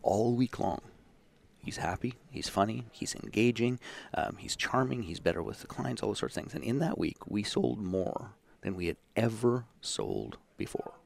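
Brief: man in his fifties, low voice, gravelly edge, relaxed animated storyteller. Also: normal speed. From Saskatchewan, Canada. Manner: animated, self-deprecating storyteller. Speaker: podcast guest. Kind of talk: casual storytelling.

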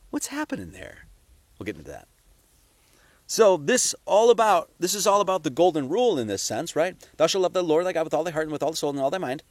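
A man's voice: fairly high pitch, no echo. A man giving a casual, conversational sermon, full of rhetorical questions and profane asides. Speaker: preacher.

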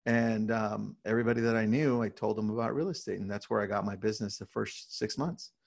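A man who leads a real estate team, talking casually in an interview and telling energetic stories with frequent "right?" tags. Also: on the low side, fairly quick, creaky, breathy edge.

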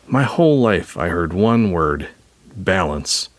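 A wise, gentle older woman leader, put on by a man in an amateur script read-aloud. The reading is soft and measured, nudged up from a deep register. The sound is dry and close. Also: sing-song, no room sound, full character voice. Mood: tender.

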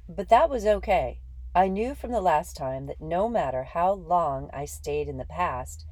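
Low-voiced woman reading an audiobook. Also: no room sound, rough recording. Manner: steady, earnest storytelling. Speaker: audiobook reader. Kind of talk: first-person audiobook narration.

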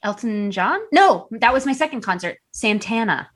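A woman's voice: a little high, lively intonation, moderate pace, fairly bright tone. Bubbly young American woman, laughing often. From United States. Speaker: podcast guest. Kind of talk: casual interview chat.

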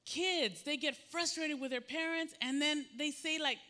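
A man's voice: very high-pitched, moderate pace, pushed and bright. A man preaching a sermon, emphatic and repetitive, swinging his voice up and down as he acts out what people say.

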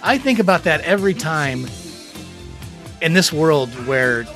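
A man's voice: on the high side, lively intonation, unhurried, fairly bright tone. A man co-hosting a casual podcast chat about music, enthusiastic and rambling, with lots of fillers and restarts and some swearing. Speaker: podcast co-host.

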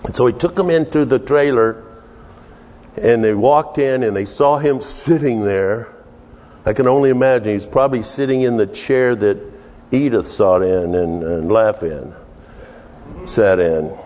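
A middle-aged man from Texas, preaching with lively storytelling and chuckles. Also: mid-range voice, measured pace. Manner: animated storyteller, chuckling, acting out voices. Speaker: pastor. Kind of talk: storytelling sermon. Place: church sanctuary. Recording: reverberant church hall.

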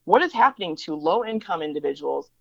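Fast-talking, emphatic woman interview guest. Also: deep voice, expressive, creaky, dry recording, lo-fi sound. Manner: fast, emphatic, acts out quoted voices. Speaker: interview guest, diversity educator. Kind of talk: conversational interview storytelling.

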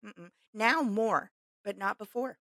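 A woman co-host from Missouri chats on a podcast in an easy, animated way and acts out the people she quotes. Her voice sits mid-range, and the sound is dry and close. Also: mid-range voice, takes it slowly, no room sound. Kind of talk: casual chat.

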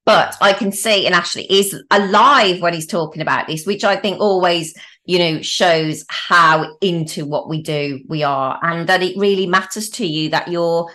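A woman's voice: lowish voice, normal speed, pushed and bright. A woman hosting a podcast interview, chatting casually and enthusiastically affirming her guest. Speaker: podcast host.

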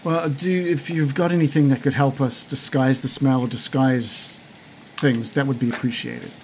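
A grieving young stranger, formal and stiffly polite, as a man plays him at the table. The voice stays mid-pitched and close to a normal speaking voice, with faint noise behind it. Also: fairly even intonation, moderate pace, darkish tone, lightly acted, poor audio. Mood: composed, polite.

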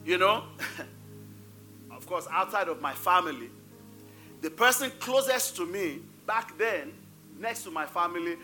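A man's voice: high-pitched, animated, a little slow, pauses often, pushed and bright, soft background music. A middle-aged male pastor preaching a sermon, emphatic and repeating his key phrases. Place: church.

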